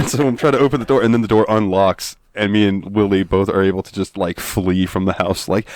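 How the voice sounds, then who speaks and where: A man hosting a casual gaming podcast, telling stories in a lively way and acting out his friends' shouts. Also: deep voice, brisk, hardly any pauses, dry recording, clean studio sound. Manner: lively storyteller who acts out friends' shouts. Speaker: podcast host.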